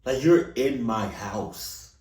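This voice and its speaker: A man hosting a reaction video, talking in a casual, animated way, stammering and repeating himself. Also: mid-range voice, slow pace. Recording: echoey room, mic at a distance.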